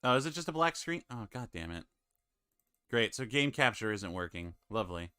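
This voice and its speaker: Bright, crisp-voiced man hosting a casual stream. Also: fairly low pitch, animated, moderate pace, no room sound, studio quality. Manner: fiddling with stream setup, muttering to himself. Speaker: stream host. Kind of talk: casual stream chat with friends.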